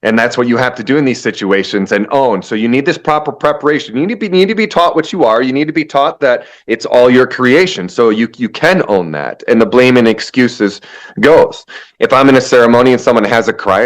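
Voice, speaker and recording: A man's voice: mid-range voice, brisk. A man speaking as a shaman guest in an interview, emphatic and preachy, often restarting his sentences. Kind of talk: spiritual interview talk.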